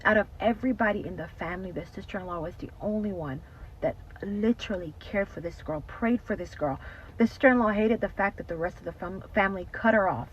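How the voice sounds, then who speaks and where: A woman telling a story in a casual, animated way, full of "like" and "you know". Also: medium pitch, fairly quick, muffled recording, slight background noise. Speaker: storytime host.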